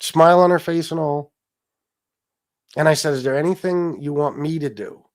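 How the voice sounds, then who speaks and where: A man's voice: on the high side, normal speed. A man hosting his own talk show, speaking casually and emotionally, rambling with restarts, asides and the odd swear word. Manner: profane. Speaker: political talk show host. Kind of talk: casual live-stream talk.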